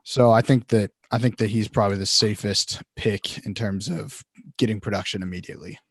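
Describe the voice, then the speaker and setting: A man explaining his choice in a casual podcast chat, halting and hesitant with many fillers. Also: on the low side, fairly even intonation, slightly rough, no room sound, clean studio sound. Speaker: fantasy football panelist.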